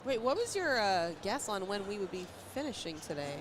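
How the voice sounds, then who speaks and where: A woman's voice: mid-range voice, very animated, brisk. An American woman doing casual, teasing play-by-play commentary at a cornhole tournament, laughing often. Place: tournament venue. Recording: noisy event venue.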